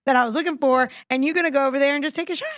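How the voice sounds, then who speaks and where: A woman in her thirties co-hosting a podcast, talking in an animated, fired-up, ranting way. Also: sits high, racing, dry recording, studio quality. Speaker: podcast co-host. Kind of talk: casual podcast chat.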